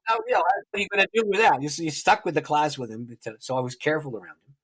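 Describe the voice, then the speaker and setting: A man's voice: on the high side, sing-song, racing, a bit bright, husky. A man, a guest on a podcast, telling a personal story and acting out the dialogue. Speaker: guest author and prayer teacher.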